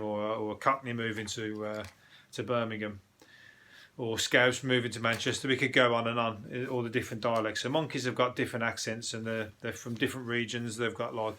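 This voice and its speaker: A comedian delivering a casual, rambling monologue reviewing the day's news, full of swearing and jokey asides. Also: male voice, medium pitch, sharp tone.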